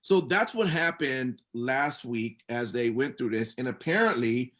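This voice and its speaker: A man co-hosting a laid-back wrestling podcast, reading out rules and then drifting into loose, filler-heavy talk. His voice sits at an ordinary middle pitch for a man. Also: animated, a little slow, a bit bright. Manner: reads rules out then rambles with many fillers. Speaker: podcast co-host recapping wrestling. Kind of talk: casual podcast chat.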